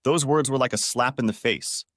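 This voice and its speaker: A man's voice: mid-range voice, brisk, fairly bright tone, no echo, clean studio sound. A man narrating a first-person family drama audiobook in a bitter, dramatic storytelling manner.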